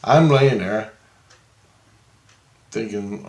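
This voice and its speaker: A man's voice: on the low side, unhurried, reverberant. A man rambling through a personal story in a casual monologue, restarting and repeating himself. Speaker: vlogger.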